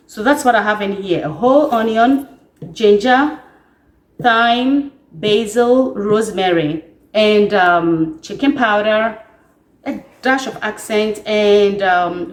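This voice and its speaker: A woman's voice: mid-range voice, a little hiss or hum. A woman giving a casual home cooking demonstration in her kitchen, chatting and often checking in with her listeners. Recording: echoey kitchen, mic at a distance.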